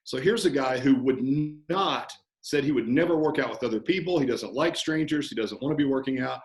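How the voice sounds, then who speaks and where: A man guest talking about coaching in a relaxed, animated interview, often acting out conversations. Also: mid-range voice, fairly quick, roomy sound. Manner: animated storyteller, acts out coach-client banter. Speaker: fitness business owner, guest.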